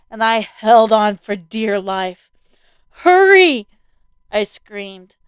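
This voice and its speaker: A woman narrating a first-person horror story with steady, vivid delivery. Her voice is very smooth and clean, pitched a little high, and recorded dry with no room sound. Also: no echo.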